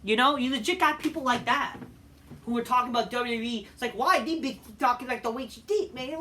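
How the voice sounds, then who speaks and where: A man's voice: very high-pitched, fairly quick, bright, forceful tone, recorded from a distance, slight background noise. A man ranting through a profane, exasperated video review of a wrestling show.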